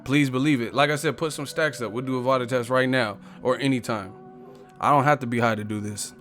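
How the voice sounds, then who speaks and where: A man's voice: medium pitch, steady tone, brisk, a bit bright, soft background music. A man hosting a casual live stream, telling profane stories and laughing often.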